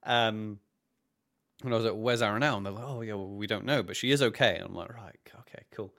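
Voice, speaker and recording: A man's voice: on the low side, quick pace, vocal fry. A British man co-hosting a podcast, telling game stories in casual chat and acting out what others said. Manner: animated storytelling, acts out quoted characters, frequent restarts. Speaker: podcast co-host. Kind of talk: casual chat recapping a live-action role-play event.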